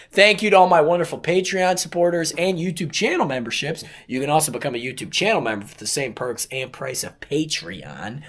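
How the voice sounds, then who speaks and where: A man's voice: on the high side, no echo. A man in his late twenties vlogging from his car and then an outdoor skate park, talking in a rambling, joking, offhand way and swearing now and then. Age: late 20s. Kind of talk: casual vlog chat. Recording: outdoor wind and traffic noise.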